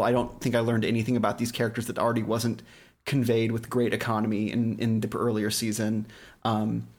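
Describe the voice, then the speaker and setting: A man with a mid-range voice co-hosts a casual podcast. He talks in an opinionated, fast-moving way and peppers his sentences with "like.". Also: mid-range voice. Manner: fast, opinionated, filler-heavy. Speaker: podcast co-host. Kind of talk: casual review chat.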